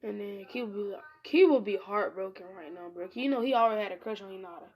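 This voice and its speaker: A woman's voice: medium pitch, fast, a little mellow. A woman improvising a fan-made anime story aloud in a casual, slangy, rambling way.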